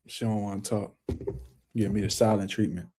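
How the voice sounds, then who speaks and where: A man's voice: fairly low pitch, fairly even intonation, moderate pace, dark tone. A man hosting a casual boxing livestream, talking loosely in slang and speaking to viewers in the chat.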